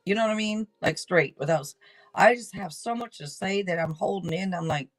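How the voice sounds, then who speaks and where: Excitable woman hosting a tarot stream. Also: fairly low pitch, brisk, rough recording. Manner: excitable, swears casually, rambling restarts. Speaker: tarot reader and live stream host. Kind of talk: casual live-stream chat.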